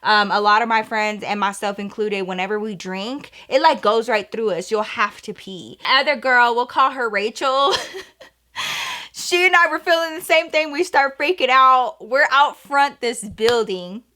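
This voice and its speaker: A young woman with a bright, slightly high voice tells a story straight to her viewers. She talks in a loose, animated way, swears freely and keeps calling her audience "girl". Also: a little slow. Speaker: vlogger. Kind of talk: storytime vlog.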